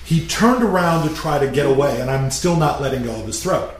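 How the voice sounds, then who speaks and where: Brief: plainspoken, swearing male storyteller, mid-pitched voice, faint hiss. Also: expressive, brisk. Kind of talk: casual storytelling. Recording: roomy echo with faint hiss.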